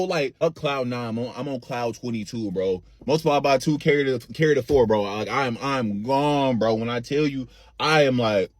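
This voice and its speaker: A young man spins a comic story in loose slang, acting out every voice in it. His pitch leaps up and down, the tone is a little husky, and the sound is dry and close. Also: dry recording. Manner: animated slangy storytelling with acted-out quotes. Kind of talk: storytelling stand-up.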